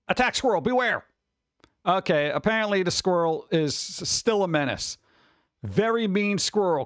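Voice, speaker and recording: A man's voice: fairly high pitch, clean tone, no room sound. A man streaming live, chatting casually and reading news aloud with offhand jokes in a rambling way.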